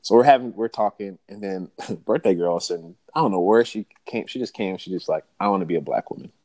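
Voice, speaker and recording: Deep-voiced man telling a story. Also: fast, no room sound. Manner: animated storyteller, slangy, acts out quoted dialogue. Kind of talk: casual storytelling chat.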